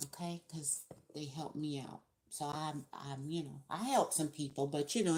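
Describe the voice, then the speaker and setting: A woman's voice: sits low, a little mellow, slight background noise. A woman giving a casual tarot reading, chatty and laughing often, acting out the people she quotes. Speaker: tarot reader.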